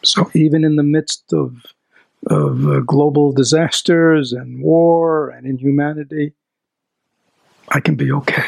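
A man with a gravelly, slightly husky voice, pitched a bit high, gives a Buddhist dharma talk. He keeps quizzing his listeners and sometimes whispers for emphasis. The sound is dry and close. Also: measured pace, no echo, rough recording. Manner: animated, asks the audience rhetorical questions. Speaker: dharma teacher.

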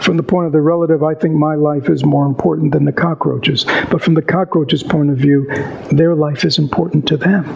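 A man giving a reflective Buddhist talk, asking rhetorical questions and pausing often to think, and reading a story aloud. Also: on the high side, fairly even intonation, gravelly, darkish tone, lo-fi sound, slight background noise. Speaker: Buddhist teacher. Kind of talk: dharma talk with read-aloud passages.

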